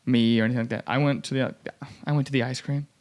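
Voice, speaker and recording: A man's voice: mid-range voice, fast. A young man hosting a podcast, telling a story in casual chat and acting out the people he quotes, with many fillers. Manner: animated, acts out quoted voices, many "like" fillers.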